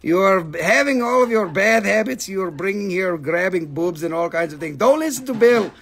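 A high-pitched man hosts a live crystal sale in a loose, chatty way. He teases his viewers, breaks into laughter and swears without a second thought. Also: expressive, moderate pace, creaky, a bit bright. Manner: teasing, laughing, swearing freely. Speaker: live-stream crystal seller. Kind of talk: casual live sales stream.

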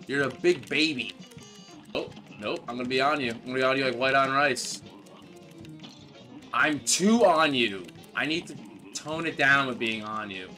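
A young man giving live commentary as he plays a video game, frustrated, yelling at the boss and rambling in jokes. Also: medium pitch, normal speed, long pauses, faint music behind. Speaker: gamer playing a video game.

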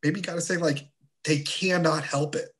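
A man teaching a confirmation class of teenagers in a relaxed, chatty way with playful asides. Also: a little high, normal speed. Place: church.

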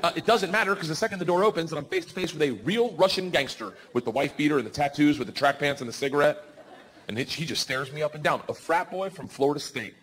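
A man doing loud, animated stand-up storytelling on a comedy club stage. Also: fairly high pitch, quick pace. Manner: loud, animated, bursts into shouting. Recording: noisy live comedy club recording.

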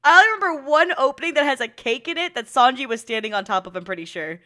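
Woman, reaction host, casual chatter, giggly and self-mocking, high-pitched. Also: fast talker, pushed and bright. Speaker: anime reaction channel host.

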